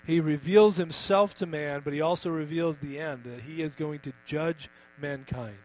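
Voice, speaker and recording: A man's voice: fairly high pitch, moderate pace, darkish tone, low-quality recording. Emphatic man preaching over mains hum. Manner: emphatic, asks the congregation questions. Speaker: pastor. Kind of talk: sermon.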